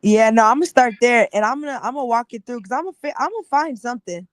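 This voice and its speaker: A podcast co-host talks casually, laughing a lot and imitating other people. Her voice is on the high side with lively intonation and a quick pace, and there's no room sound.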